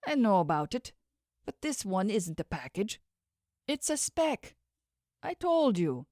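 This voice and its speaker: Lady doing a dazed hurt guy, slurry and slow, dry sound. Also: mid-range voice, big pitch swings, mellow, no room sound. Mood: groggy. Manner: slurred, groggy. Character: injured groggy young man, slurring.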